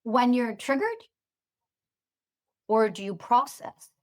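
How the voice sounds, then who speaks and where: A woman with a fairly high voice delivers a fiery podcast monologue as a spiritual teacher. She swears freely and stacks one sarcastic rhetorical question on top of another. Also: very animated, slow pace.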